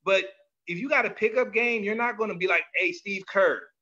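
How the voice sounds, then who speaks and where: A man's voice: sits high, fast, pushed and bright. A man hosting a casual chat, talking loosely and animatedly with lots of slang and often acting out other people's words. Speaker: podcast host. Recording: dull lo-fi audio.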